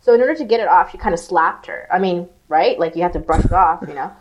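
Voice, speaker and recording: A woman co-hosting a podcast, telling an animated, profanity-laced story full of "like" fillers in casual chat. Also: lowish voice, fast, muffled recording, slight background noise. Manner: animated, swearing, lots of "like" fillers. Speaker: podcast co-host.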